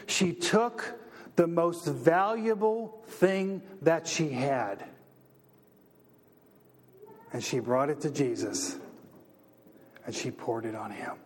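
A male pastor with a notably high voice delivers a sermon, stacking repeated phrases and rising in pitch and force as he drives each point home. His words ring out with a long reverb, as in a large church hall. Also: slight background noise. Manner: preaching with building repetition, rising in pitch and force.

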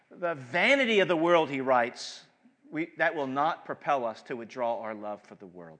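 A male pastor preaching a sermon, animated and emphatic, with frequent restarts and swings between loud and soft. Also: mid-range voice, a little slow. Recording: long hall reverb.

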